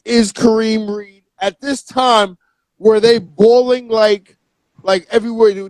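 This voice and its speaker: A man's voice: high voice, a little mellow, no echo, low-quality recording. A man, a co-host in casual chat who halts and restarts his questions.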